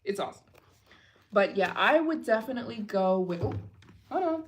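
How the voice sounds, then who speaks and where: A woman's voice: mid-range voice, expressive, normal speed. A woman hosting a casual livestream Q&A, gushing and chatty, with lots of filler words. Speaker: travel channel host.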